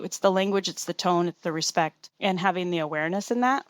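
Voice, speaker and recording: A woman's voice: on the low side, fast talker, no echo. A woman guest expert on a podcast, earnestly explaining her ideas on teaching and laying them out point by point. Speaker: teaches students. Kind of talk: podcast interview answer.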